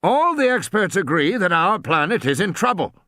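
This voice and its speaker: A man's voice: sits high, sing-song, moderate pace, pushed and bright, no room sound, clean studio sound, pitched above the performer's own voice, heavily acted. A man voicing a stiff, self-important old man. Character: stiff, pompous old park owner.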